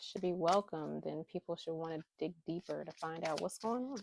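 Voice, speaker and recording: Gravelly low-voiced woman, heartfelt. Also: normal speed, background noise. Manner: heartfelt, candid, with bursts of emphatic pleading. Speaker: spiritual vlogger drawing inspiration cards. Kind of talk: casual spiritual talk to camera. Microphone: phone camera held close.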